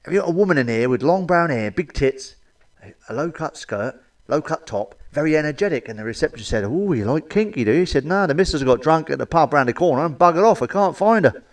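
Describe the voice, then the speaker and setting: A man's voice: on the high side, lively intonation, fast. A middle-aged man, telling crude, sweary jokes to camera and laughing at his own punchlines. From England. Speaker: comedian. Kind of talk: stand-up joke telling to camera.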